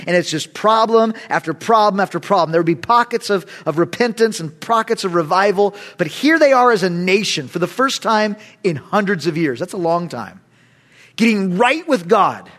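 Guest pastor, male, higher voice, lively sermon delivery with acted-out asides. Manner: animated, acts out inner voices with big swings in pitch and volume.

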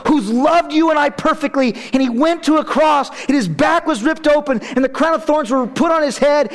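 A middle-aged man preaching a sermon, animated, swinging between hushed and loud, with playful asides. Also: very high voice. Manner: playful asides and self-mocking humor. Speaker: pastor.

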